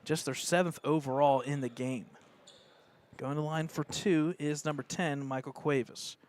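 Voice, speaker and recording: American guy calling a school hoops game, kinda high voice, faint gym noise behind. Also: normal speed. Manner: excitable, partisan, rising pitch on plays. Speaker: play-by-play announcer. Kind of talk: live high school basketball commentary.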